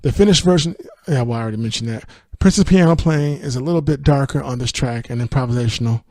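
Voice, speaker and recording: A man hosting a music podcast, chatting casually through an album review, sometimes singing lines of the lyrics, laughing, and rushing through his asides. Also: mid-range voice, a little mellow, no room sound, clean studio sound. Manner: sings lyric snippets, laughs often, speeds up on asides.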